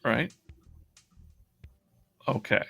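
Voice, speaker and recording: A man's voice: extremely slow, pushed and bright, soft background music. A man hosting a casual live stream as a comic artist, chatting in a rambling way with many restarts.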